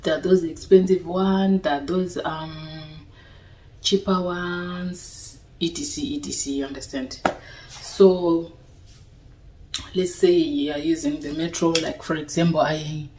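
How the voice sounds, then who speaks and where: Low, slow-talking woman in a roomy space. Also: steady tone, far from the mic, background noise. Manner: chatty, asks "you understand?" often. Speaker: vlogger. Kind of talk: casual talk to camera. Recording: roomy echo, voice a little off-mic.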